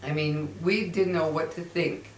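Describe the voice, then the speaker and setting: A woman's voice: deep voice, steady tone, a little slow, recorded from a distance. A middle-aged woman telling a personal ghost story in a chatty, rambling way, full of fillers and restarts. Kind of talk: casual storytelling. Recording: roomy sound from away from the mic.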